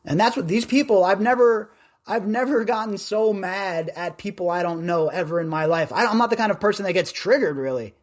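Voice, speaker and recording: A man from Las Vegas hosting a podcast live stream, chatting in a rambling, loudmouthed way. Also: high-pitched, fairly quick. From Las Vegas, USA. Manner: rambling, self-described loudmouth. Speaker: podcast host. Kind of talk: casual live-stream chat.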